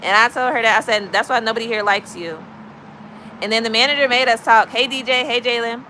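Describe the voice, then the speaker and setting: Blunt, bright-voiced woman storyteller. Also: on the high side, a little fast, a little hiss or hum, low-quality recording. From Chicago. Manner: blunt, animated, gossipy. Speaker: livestream host. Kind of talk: casual storytelling to live chat.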